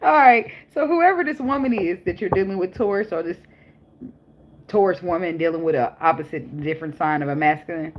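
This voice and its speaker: A woman's voice: fairly low pitch, fairly quick, dull audio. A young woman reading tarot in a casual, chatty way, blunt and profane, laughing often. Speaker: tarot reader.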